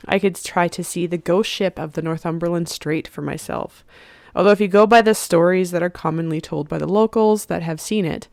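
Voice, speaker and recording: Gravelly-voiced woman podcaster. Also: lowish voice, darkish tone, no echo, clean studio sound. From Saskatchewan, Canada. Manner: chatty and musing, with fillers like "you know". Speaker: podcast host. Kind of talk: casual solo podcast talk.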